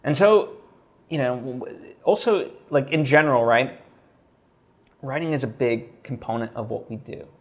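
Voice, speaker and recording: A man's voice: medium pitch, a little slow, pauses often. A man talking straight to camera in a casual vlog, thinking aloud with lots of fillers and restarts. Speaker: vlogger.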